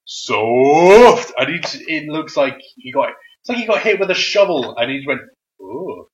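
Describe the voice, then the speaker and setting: A man co-hosting a casual wrestling chat, animated, swearing and often bursting into loud impressions of wrestlers. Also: fairly high pitch, quick pace. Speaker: podcast co-host. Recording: dull lo-fi sound.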